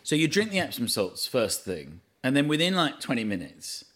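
Animated man telling a story. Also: medium pitch, normal speed. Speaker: guest. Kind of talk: casual chat.

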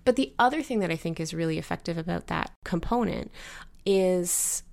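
A woman co-hosting a casual book discussion, chatty and animated, laughing often and filling her talk with "like". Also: fairly low pitch, normal speed, vocal fry. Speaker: book podcast co-host.

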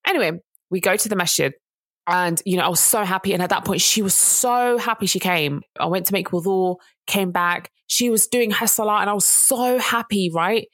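A woman's voice: medium pitch, normal speed, fairly bright tone, no echo. Woman, earnest storyteller, indignant emphasis, dry close sound. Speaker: podcast co-host. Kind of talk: casual chat.

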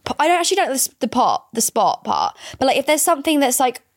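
A woman's voice: sits high, sing-song, fast talker, no room sound, clean studio sound. A woman in her twenties co-hosting a podcast, chatty and giggly with rambling asides. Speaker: podcast co-host. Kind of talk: casual chat.

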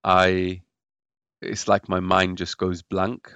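A man's voice: sits low, completely flat delivery, slow, a bit bright, smooth, no room sound, dull audio. A man telling his own story as a podcast guest, hesitant and often repeating words. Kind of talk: personal story in a podcast interview.

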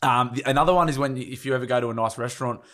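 A man's voice: mid-range voice, rapid-fire, fairly bright tone, slight background noise. A man in his twenties with an Australian accent, co-hosting a casual podcast chat, crude and joking with lots of swearing. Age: 20s. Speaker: podcast co-host.

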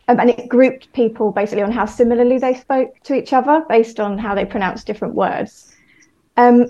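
A woman's voice: on the high side, warm tone, highs cut off. A woman lecturer with a South East English accent, explaining patiently with fillers in a radio interview. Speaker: linguistics lecturer, guest.

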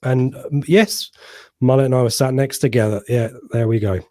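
A man's voice: mid-range voice, steady tone, moderate pace, dark tone, dry recording, clean studio sound. A man with an English accent hosting a casual football podcast, stumbling over words and reading out the live chat. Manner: hesitant, repeats words, reads the live chat. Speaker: podcast host.

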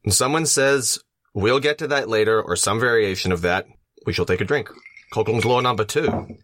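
A man's voice: lowish voice, lively intonation, brisk, fairly bright tone, slight background noise. A man co-hosting a podcast, reading a list of game rules aloud in a playful, put-on Australian accent. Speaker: podcast co-host.

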